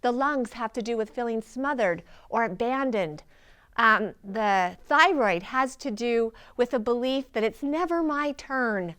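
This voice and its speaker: Earnest woman sharing an inspiring story. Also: a little high. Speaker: healing practitioner. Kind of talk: personal testimony talk.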